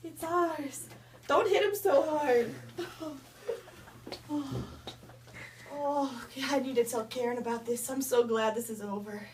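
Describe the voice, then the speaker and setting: A woman's voice: sits high, moderate pace, darkish tone, close to an everyday voice. A teenage girl playing a dramatic, complaining pregnant woman in a school skit. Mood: screaming. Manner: melodramatic, shrieking in labor. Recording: roomy far-off camera audio with noise.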